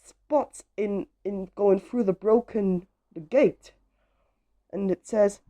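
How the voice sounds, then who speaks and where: A woman's voice: medium pitch, slow, dark tone, lo-fi sound. A woman reading children's picture books aloud, gasping at each page and talking to young listeners. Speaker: storybook reader.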